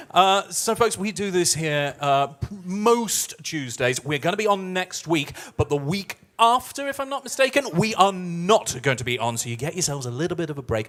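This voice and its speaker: A man's voice: fairly high pitch, fairly bright tone. A man hosting a live musical theatre night, chatting in a self-mocking, playful way. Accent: Scottish. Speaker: host. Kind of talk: live cabaret hosting banter. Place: live music club venue.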